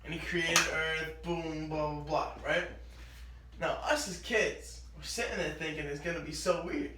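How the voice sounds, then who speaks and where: High-voiced man telling a story. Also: normal speed, background noise. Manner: animated, acts out quoted lines. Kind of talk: casual storytelling chat. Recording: echoey room, mic at a distance.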